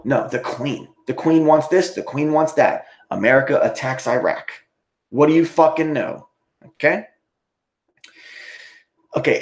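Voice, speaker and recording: A man's voice: on the high side, a little mellow. A man livestreaming an angry, profane rant, ending most points with "okay?".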